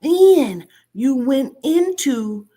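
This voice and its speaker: A woman. She is brash, mocking and freely profane, and her voice sits a little high. She talks at an unhurried pace. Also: very animated, dark tone. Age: 40s. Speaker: commentary host. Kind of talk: casual reaction commentary.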